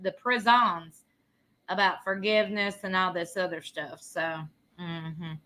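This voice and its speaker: A woman's voice: fairly low pitch, fairly even intonation, measured pace, sharp tone. A woman, hosting a live stream and talking bluntly and sassily, laughing often. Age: 30s. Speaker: livestream host. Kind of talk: casual live commentary.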